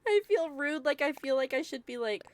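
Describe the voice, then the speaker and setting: A woman chatting casually with viewers during a live game stream, excitable and quick to gasp and laugh. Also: high-pitched. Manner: excitable, gasping and laughing often. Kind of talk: casual live-stream chat while gaming.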